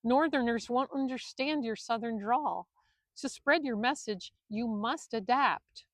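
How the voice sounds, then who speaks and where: A woman's voice: a little high, measured pace, dry recording, close to an everyday voice. A woman voicing a prim, patient male speech trainer who talks politely and formally. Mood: insistent.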